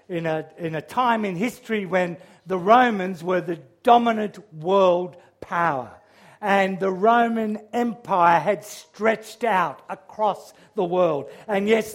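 A man preaching a sermon, earnest and measured, with frequent restarts, who raises his voice when he quotes a psalm's cries. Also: sits high. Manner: quotes scripture in a raised, crying-out voice.

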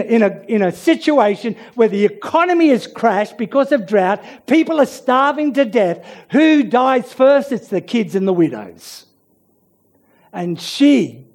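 A man preaches a sermon with expressive, dramatic pauses. His voice sits high and moves widely in pitch, and he takes his time, often restarting on repeated words.

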